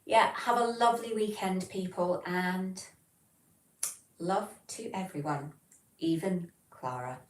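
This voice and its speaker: A woman with a general Southern English accent hosts a casual livestream, answering viewer messages in a low voice. She talks in a chatty, rambling way. Her voice sounds roomy, as if she is sitting back from the microphone. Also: takes it slowly, a little hiss or hum. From England. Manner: chatty, rambling, reads chat messages aloud and answers them. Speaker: livestream host. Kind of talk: casual livestream chat reading viewer comments. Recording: roomy, from some distance off the mic.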